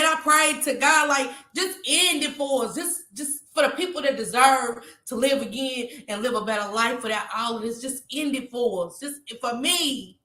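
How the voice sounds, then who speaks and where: A woman's voice: sits high, bright, forceful tone, echoey room. A woman vlogger talking to her viewers in an impassioned, tearful way and reading out their chat comments. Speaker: YouTube vlogger. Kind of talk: emotional livestream talk to viewers.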